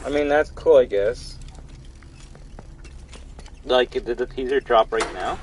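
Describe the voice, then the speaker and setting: A man's voice: mid-range voice, slow pace, pauses often, slight background noise, rough recording. A young man chatting casually to his viewers while livestreaming a game, rambling and talking straight to chat. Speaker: streamer.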